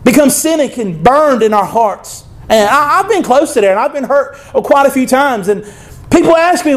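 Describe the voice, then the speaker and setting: High-voiced preacher giving a sermon. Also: male voice, animated, normal speed. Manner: conversational preaching with scripture reading.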